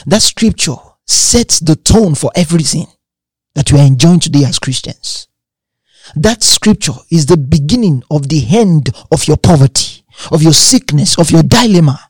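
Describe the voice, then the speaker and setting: A man preaches an emphatic sermon, stacking repeated phrases and reading scripture aloud. His voice sits a little high for a man and has a husky grain. The recording is dry and close, with little room sound. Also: animated, moderate pace, no room sound.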